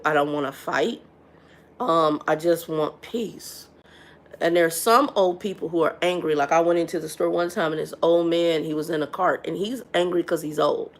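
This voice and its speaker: Middle-aged woman host, gravelly and frank, livestream chat, repeats herself. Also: fairly low pitch, fairly bright tone. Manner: frank and blunt, stumbles and repeats words.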